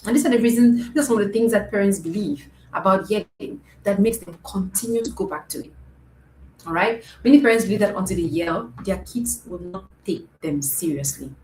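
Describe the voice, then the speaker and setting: A woman's voice: medium pitch, brisk, a little mellow. A woman coaching parents in an earnest, repetitive way, often checking in with "right?". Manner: earnest, repeats points, asks "right?" often. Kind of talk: live-streamed talk to parents. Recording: echoey room with faint noise.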